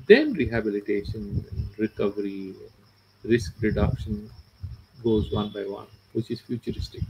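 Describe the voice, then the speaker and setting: Man, Indian English accent, philosophy teacher, gravelly voice, mid pitch, quoting Sanskrit verses, crickets faintly behind. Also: darkish tone, a little hiss or hum, rough recording. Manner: explains with everyday examples, mixes in Sanskrit and Hindi. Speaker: Vedanta teacher. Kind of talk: philosophy lecture.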